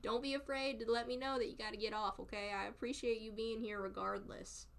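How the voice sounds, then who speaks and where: A woman's voice: on the high side, steady tone, brisk, creaky. A young woman with a Southern US accent, chatting casually with her live stream chat, playful and often laughing.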